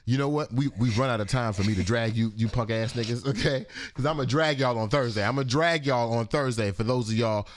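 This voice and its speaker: A man's voice: medium pitch, fairly quick, few pauses. A man co-hosting a casual morning livestream talk show, joking and profane in loose banter.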